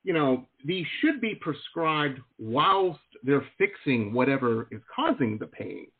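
A man hosting an interview show, chatting casually and reacting with quick agreement. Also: a little high, expressive. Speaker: show host. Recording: tinny phone-line sound.

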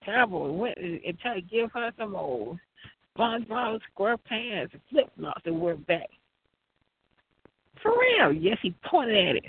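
A man with a raspy, gravelly voice, rambling and swearing in a loose monologue. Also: high-pitched, lively intonation, moderate pace. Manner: profane, rambling, laughs often. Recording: tinny phone-like line, dry.

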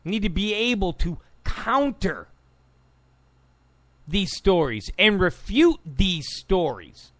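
Man, political commentator, sarcastic monologue, high animated voice, slow deliberate delivery, dry close sound. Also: no room sound. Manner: combative, sarcastic, repeats points for emphasis. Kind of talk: opinionated monologue.

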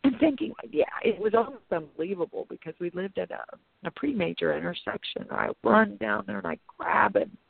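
A woman's voice: mid-range voice, expressive, a little fast, vocal fry, breathy edge, dry recording. A woman pastor and author, telling a personal story with earnest drama and turning it into a sermon-like message, heard over the phone. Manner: earnest, dramatic retelling with quoted inner thoughts. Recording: tinny phone line.

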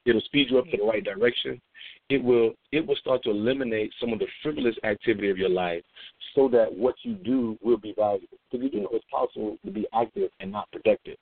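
Gravelly man giving a devotional talk. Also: medium pitch, lively intonation, quick pace. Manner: storytelling, chatty, with fillers and repeats. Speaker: devotional host. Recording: phone-like dry recording.

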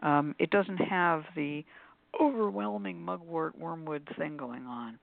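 A woman co-hosting a radio call-in show, chatty and quick to laugh, often going off on tangents. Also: low-pitched, creaky. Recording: dry phone-line audio.

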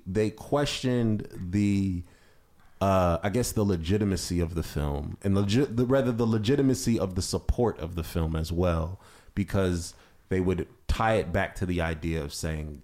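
A man's voice: low voice, a little slow, a little mellow. A man co-hosting a podcast roundtable, talking casually with lots of fillers and restarts. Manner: rambling, many fillers and restarts. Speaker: podcast co-host.

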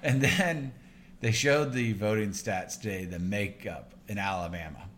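A man with a Midwestern American accent co-hosting a podcast in casual chat, explaining things in a measured way with frequent hesitations. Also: on the low side, fairly bright tone, a little hiss or hum. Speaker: podcast co-host.

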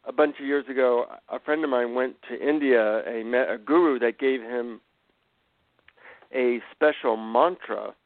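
A male psychotherapist and author telling an animated anecdote as an interview guest. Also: medium pitch, a little slow, no echo. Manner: animated, self-deprecating anecdotes. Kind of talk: conversational storytelling. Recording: dry, tinny phone-line sound.

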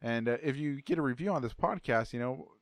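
A man's voice: mid-range voice, animated, brisk, dry recording, studio quality. A man co-hosting a podcast in casual chat, laid-back and joking, rambling a little. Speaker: podcast co-host.

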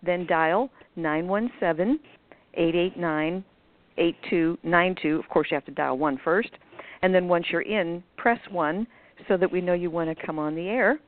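A woman's voice: lowish voice, unhurried, no room sound. A woman hosting a radio call-in show, chatting casually and hesitantly with many ums. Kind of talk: casual on-air chat. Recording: tinny phone line with faint hiss.

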